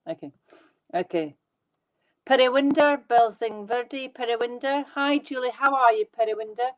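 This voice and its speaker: A woman working as a medium, giving live readings to viewers in an excitable, fast, reassuring way. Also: on the high side, low-quality recording. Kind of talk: live online psychic reading.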